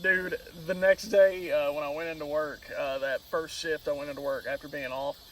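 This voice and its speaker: A man on a podcast telling casual, profane, animated stories. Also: fairly high pitch, normal speed, recorded from a distance, a little hiss or hum, rough recording. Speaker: podcast co-host. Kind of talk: casual storytelling chat.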